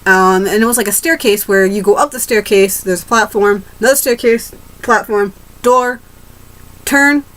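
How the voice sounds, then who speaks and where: A woman's voice: medium pitch, normal speed, fairly bright tone, poor audio. A teenage girl ranting to camera in a rambling, casual way, restarting her sentences and swearing freely. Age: teens. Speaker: vlogger.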